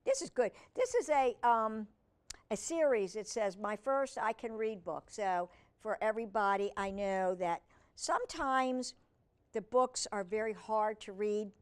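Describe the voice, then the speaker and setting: A woman reading picture books to children, gentle and teacherly, often asking the listener questions. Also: medium pitch. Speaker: children's storyteller.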